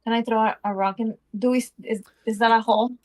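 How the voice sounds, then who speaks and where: A woman playing a tabletop game, speaking eagerly and excitably. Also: fairly high pitch, fast, a crowd in the background. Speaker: player. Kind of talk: casual tabletop game play.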